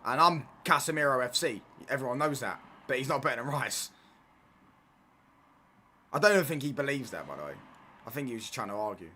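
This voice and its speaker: A man's voice: mid-range voice, expressive, brisk, pauses often, bright, forceful tone, slight background noise. A young man chatting casually on a football watchalong stream, reading chat and bantering in slang with stop-start restarts.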